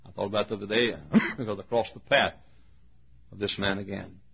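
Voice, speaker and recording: An older man preaching a sermon, telling a story and acting out the voices, shouting at the high points. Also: brisk, creaky, slightly rough. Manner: animated, acts out voices, shouts at peaks. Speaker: pastor. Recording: muffled lo-fi recording.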